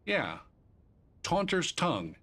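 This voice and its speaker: This fairly high male voice swoops wildly in pitch, moving slowly with a bright, forceful tone. As he plays on stream, he argues, jokes with chat, and swears without holding back.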